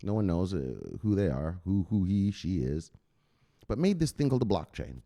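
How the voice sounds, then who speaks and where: A man's voice: deep voice, normal speed. A man hosting a crypto channel at home at night, rambling and swearing in casual vlog chat. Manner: profane, rambling, animated.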